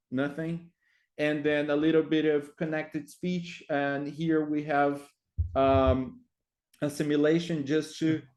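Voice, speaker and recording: Male teacher trainer, somewhat high voice, halting delivery full of fillers. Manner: hesitant, many fillers, frequent tag "right?". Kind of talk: explaining classroom activities.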